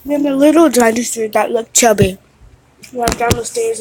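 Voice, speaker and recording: A woman casually retelling a dream, slow and halting, with restarts. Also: fairly high pitch, noisy background. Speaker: storyteller.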